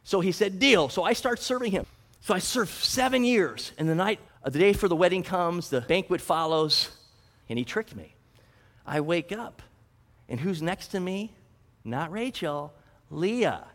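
A man acts out a Bible story in the first person, chatty and full of humorous asides. His voice is high and swings widely in pitch. A long hall reverb trails each phrase. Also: unhurried. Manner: animated, conversational, humorous asides.

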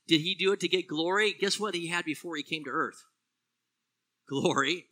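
A man delivering a sermon as pastor, with a fairly high, very bright and forceful voice. He preaches with animation, rising to loud exclamations and dropping to quiet, low phrases. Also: moderate pace.

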